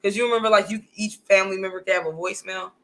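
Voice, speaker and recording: A woman in her thirties, a comedian guest telling stories in a brash, profane, animated way. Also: medium pitch, rapid-fire. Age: 30s. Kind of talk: casual storytelling.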